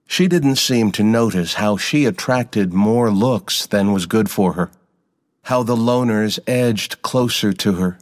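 A man giving a scripted first-person narration of a story in a measured, even manner. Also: on the low side, big-room sound.

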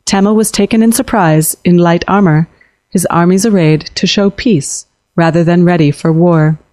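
A woman narrating a fantasy story in an even, measured way. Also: lowish voice, no room sound, studio quality. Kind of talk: scripted narration of fantasy fiction.

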